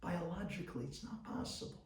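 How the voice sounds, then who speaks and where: A rabbi giving an inspirational talk, telling stories dramatically and swinging between loud bursts and hushed asides. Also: male voice, high voice, a little fast, reverberant, far from the mic.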